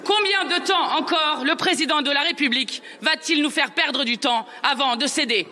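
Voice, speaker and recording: A man's voice: very high-pitched, fairly quick, background noise. A man giving a declamatory parliamentary speech, hammering a repeated refrain. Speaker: member of parliament.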